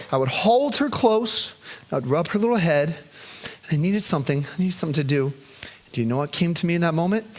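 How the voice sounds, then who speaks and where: A man preaching as a pastor, telling a personal story in an animated way that swings between loud bursts and hushed, gentle reciting. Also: fairly high pitch. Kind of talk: sermon storytelling.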